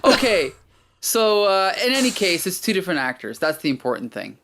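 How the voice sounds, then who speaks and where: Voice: medium pitch, very animated, a little fast, fairly bright tone, a little hiss or hum. A podcast host talking casually and with enthusiasm about a TV episode, often laughing.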